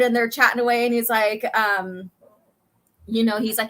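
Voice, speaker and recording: A woman's voice: on the high side, a little fast, a bit bright. A woman hosting a casual chat, reading a comic aloud, chatty and giggly. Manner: giggly, chatty, reads dialogue in voices. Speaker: podcast host.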